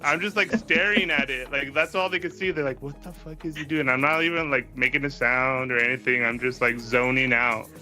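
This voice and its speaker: Male podcast guest, bright slightly high voice, rambling casual storyteller, swears, laughs a lot; faint music bed. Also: fairly even intonation, brisk, hardly any pauses. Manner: rambling, heavy use of "like", laughs often, swears freely.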